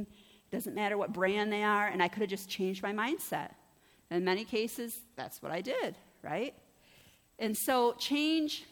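A woman pastor delivers a sermon in a chatty, conversational manner, often turning to her listeners with "right?" Her voice sits at an ordinary middle pitch for a woman. The sound has the long reverb of a church hall. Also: a bit bright.

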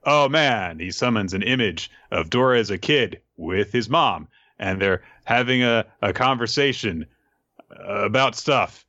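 A man on the low side, speaking at a measured pace, co-hosts a podcast and gives a casual, animated recap of a manga chapter. He rambles with lots of fillers and asides, and the muffled recording has no room sound.

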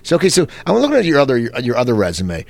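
A man hosting a casual interview, talking in rambling, quick asides. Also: medium pitch, wildly swooping pitch, gravelly, a little mellow, dry recording. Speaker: interview host. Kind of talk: casual chat.

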